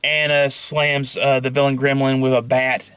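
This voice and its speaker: A young man pitching his own film idea in a casual, rambling monologue full of fillers and restarts. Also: flat delivery, moderate pace, fairly bright tone, clear, resonant tone, no echo.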